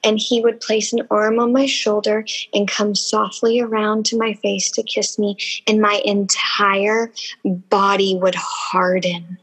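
Woman, podcast conversation, breathy, earnest, deliberate. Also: mid-range voice, little pitch movement, a bit bright, low-quality recording. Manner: earnest, emotional, slow and deliberate.

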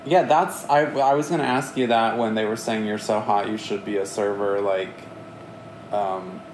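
A man's voice: lowish voice, fairly even intonation, a little hiss or hum. A man hosting a podcast, chatting casually and teasing his guest with crude jokes. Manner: joking, teasing, quick to crude punchlines. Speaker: podcast host. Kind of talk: casual crude comedic chat. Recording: roomy echo.

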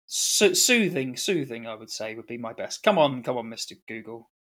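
A man's voice: mid-range voice, big pitch swings, moderate pace, a bit bright. A man from Devon co-hosting a podcast in casual chat, rambling and teasing. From Devon, England. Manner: rambling, teasing, laughs easily. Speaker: podcast co-host.

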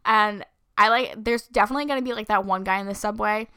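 A woman's voice: mid-range voice, fast, sharp tone, smooth, dry recording, studio quality. A woman chatting as co-host, playful and swearing, putting on silly voices. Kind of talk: casual chat.

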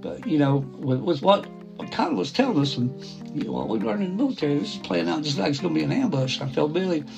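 A man's voice: on the high side, big pitch swings, fast, creaky. A middle-aged man narrating a first-person story, rambling with restarts and asides. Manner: quoting others in a plain voice. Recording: soft guitar music behind.

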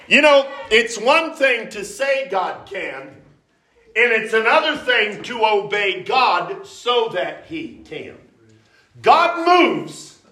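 A man preaching a revival sermon with emphasis and repetition, rising at times to sudden shouts. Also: high voice. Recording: roomy church echo.

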